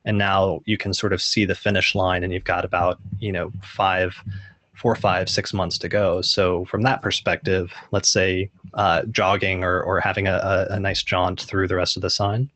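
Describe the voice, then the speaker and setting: Male podcast host, low monotone, dry close recording. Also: normal speed, no room sound. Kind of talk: casual chat.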